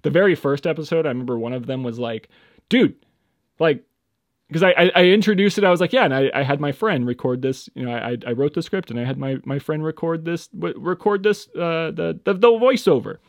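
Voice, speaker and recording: A man's voice: animated, fast, gravelly, dry recording. Rambling young man podcasting solo. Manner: rambling, lots of fillers, swings in loudness and pitch. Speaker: podcast host. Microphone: home microphone, moves on and off it.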